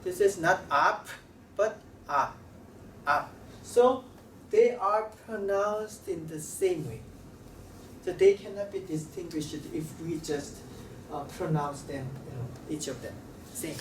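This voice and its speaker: Slow-talking male teacher. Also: a little high. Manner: slow, halting, repeats sounds for demonstration. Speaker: Korean language teacher. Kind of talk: classroom lecture at a board. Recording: roomy, slightly distant mic with faint room noise.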